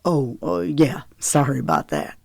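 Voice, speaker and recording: A woman's voice: rumbling low, very animated, measured pace, creaky, darkish tone, breathy edge, no echo, clean studio sound, pitched below the performer's own voice, heavily acted. A woman voicing a teasing, protective young rancher man with an easygoing country drawl. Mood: sheepish.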